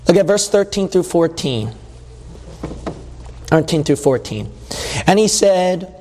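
High-voiced preacher man in a reverberant hall. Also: animated, slow pace, pauses often, darkish tone. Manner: emphatic, repeats points, conversational asides. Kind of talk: sermon.

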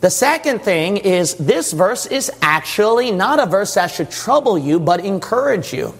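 Male preacher, high voice, emphatic delivery full of questions to the congregation, long hall reverb. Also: very animated, measured pace, fairly bright tone. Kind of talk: sermon.

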